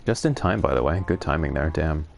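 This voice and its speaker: Male gaming streamer, very low voice, self-amused musing commentary. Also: lively intonation, a little fast, creaky, a little hiss or hum. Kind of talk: casual gameplay commentary.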